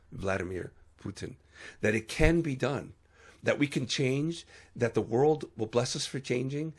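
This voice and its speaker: A man's voice: mid-range voice, gravelly, breathy edge. A man hosting a solo podcast, talking in an earnest, preachy monologue that rises suddenly for emphasis and trails off into fillers. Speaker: podcast host.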